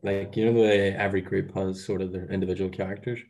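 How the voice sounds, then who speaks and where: Northern irish man, low flat voice, asking loose interview questions. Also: fast talker. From Northern Ireland. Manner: loose questions with hesitant restarts. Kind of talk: casual interview chat.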